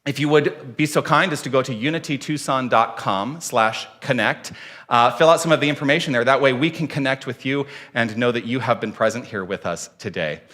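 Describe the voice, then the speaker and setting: A man's voice: medium pitch, a little fast. A man welcoming his congregation as their minister, earnest and out of breath. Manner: warm, earnest, relaxed preaching. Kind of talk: Sunday service welcome. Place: church sanctuary. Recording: long reverb in a hall.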